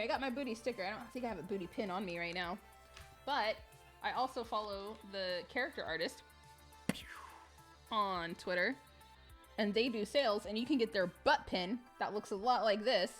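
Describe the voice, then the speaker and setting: A woman streaming a game live, chatting with viewers in a bubbly, excitable way and laughing often. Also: mid-range voice, moderate pace, faint music behind.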